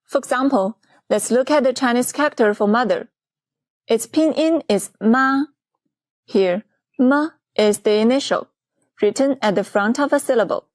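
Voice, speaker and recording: A woman teacher in a scripted lesson, explaining clearly and patiently, step by step. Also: a little high, moderate pace, a little mellow, dry recording, clean studio sound. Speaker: Chinese teacher.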